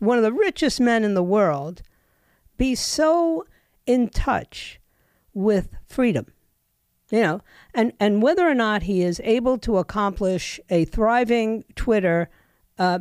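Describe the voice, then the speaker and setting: A woman's voice: medium pitch, darkish tone, no room sound, clean studio sound. Sardonic woman talk radio host. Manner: chatty, sardonic, with frequent fillers and restarts. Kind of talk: opinionated talk radio monologue.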